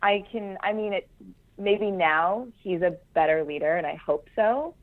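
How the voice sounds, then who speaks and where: A woman's voice: medium pitch, unhurried. A woman, a Marine Corps veteran, speaking frankly in an interview and breaking into laughter between points. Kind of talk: candid interview conversation. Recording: tinny phone-like line.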